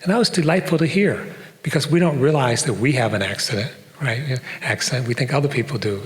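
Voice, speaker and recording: A man's voice: mid-range voice, a little fast. An older man from Detroit giving a conversational public talk as a professor, with frequent fillers and asides. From Detroit, USA. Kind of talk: lecture to a live audience. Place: performing arts center stage. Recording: long hall reverb.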